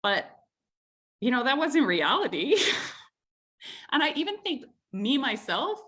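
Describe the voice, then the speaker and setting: A woman's voice: sits high, unhurried. Chatty woman telling a family story. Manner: chatty, animated, laughs often, many fillers like "like" and "right?". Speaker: community group host. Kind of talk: casual storytelling in an online group talk.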